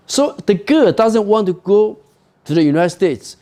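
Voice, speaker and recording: Man, literature lecturer, slow, expressive intonation, "you know" and "okay?" asides. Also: on the high side. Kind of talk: recorded university lecture.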